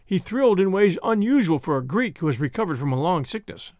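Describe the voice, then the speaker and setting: A man narrating a classic short story in an expressive, measured reading voice. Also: high voice, dry recording, studio quality.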